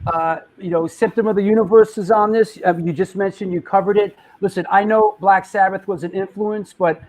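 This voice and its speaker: A man hosting a casual talk-show interview, asking hesitant, halting questions. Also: sits high, fairly even intonation, darkish tone. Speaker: host.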